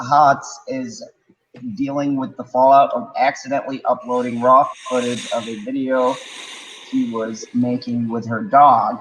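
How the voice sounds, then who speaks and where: Slow-talking man reading news aloud. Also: medium pitch, fairly bright tone, a little hiss or hum. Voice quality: laughs while reading, crude asides. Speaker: podcast co-host. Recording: dull lo-fi sound.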